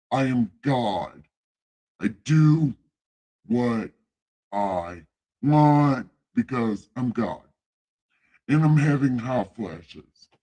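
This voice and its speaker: A man's voice: medium pitch, warm tone, husky, full character voice. A man playing an exasperated, irritable God in a comic Bible reading with ad-libs, ranting and whining. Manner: exasperated, whiny comic rant.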